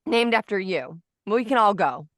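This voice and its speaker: A woman's voice: mid-range voice, lively intonation, normal speed, a bit bright, no echo. Woman podcast host; bubbly, chatty, laughs easily; dry close recording. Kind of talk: casual interview chat.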